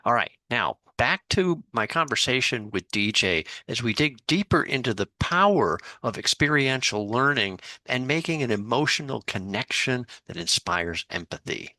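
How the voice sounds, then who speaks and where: A man's voice: mid-range voice, lively intonation, normal speed, hardly any pauses, pushed and bright, no echo. A man hosting a podcast, reading a short plug and affirming his guest in an upbeat way. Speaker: podcast host.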